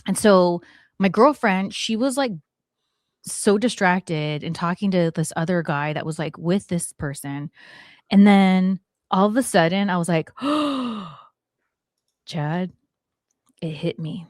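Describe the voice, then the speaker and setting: A woman in her forties hosting a talk show, telling a story in a lively way and acting out what people said. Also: lowish voice, measured pace, no echo, studio quality. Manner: animated, acts out quotes, swears it is true. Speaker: podcast host. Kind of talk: storytelling chat.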